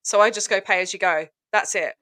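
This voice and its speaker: Scottish woman from Glasgow, casual guest chat on a video call, tense bright tone. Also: mid-range voice, fairly quick. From Scotland. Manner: lively, laughs often, chatty.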